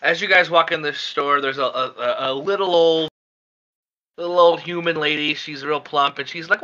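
Brief: man running a tabletop game, very bright tone, lo-fi recording. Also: fairly high pitch, steady tone, moderate pace. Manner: loose, rambling, laughing narration. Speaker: game master. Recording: dull lo-fi sound.

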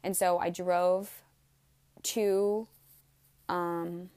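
Rambling young woman vlogger, lowish voice. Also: flat delivery, extremely slow, warm tone, smooth. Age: 20s. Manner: rambling, swears freely, heavy use of "like". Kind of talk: casual storytelling vlog.

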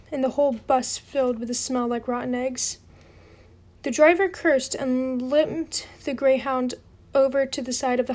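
A woman's voice: sits high, darkish tone. A woman reading a novel aloud at home in an unpolished, amateur style and apologizing for her slips. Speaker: reader.

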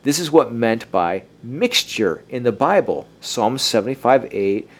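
A chatty man leading a relaxed group conversation, mixing in passages he reads aloud. He laughs easily and often starts a sentence over. His voice sits at an ordinary middle pitch. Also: measured pace, breathy edge. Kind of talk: casual group discussion with some reading aloud.

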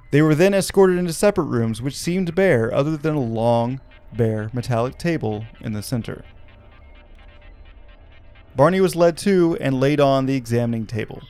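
A man's voice: mid-range voice, darkish tone. Wry male podcast storyteller. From Arkansas. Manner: wry, laughs at his own asides. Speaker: podcast host. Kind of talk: storytelling with jokes.

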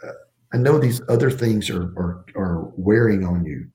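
A man's voice: fairly low pitch, normal speed, warm tone. A middle-aged man, a school superintendent, speaking earnestly and emphatically in a podcast interview, often restarting his phrases.

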